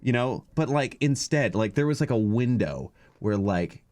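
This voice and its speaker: A man's voice: medium pitch, animated, normal speed, a little mellow, no room sound. A man hosting a podcast in casual chat, rambling and hesitant, full of fillers, on a podcast microphone. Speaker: podcast host.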